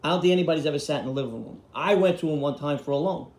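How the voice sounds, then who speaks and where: A man's voice: on the high side, very fast, darkish tone. A man telling blunt, profane street stories in a casual way. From Queens, New York. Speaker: storyteller host. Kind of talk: casual storytelling. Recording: roomy echo.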